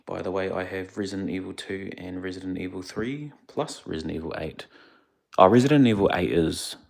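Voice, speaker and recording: Hushed, deep, gravelly man. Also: brisk. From India. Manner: speaking quietly, hushed. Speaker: streamer. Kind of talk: casual livestream chat. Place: indoors away from home, others asleep. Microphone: phone.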